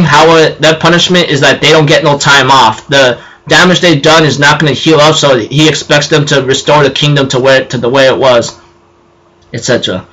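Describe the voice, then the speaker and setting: A man's voice: on the high side, bright, forceful tone, low-quality recording. Rambling young man recapping episodes. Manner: rambling, with fillers and self-corrections. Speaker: anime recap vlogger.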